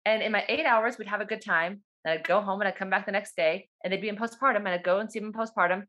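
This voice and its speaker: Woman, doula, fast and animated storyteller on a video call, casual and excited. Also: medium pitch. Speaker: doula and birth worker.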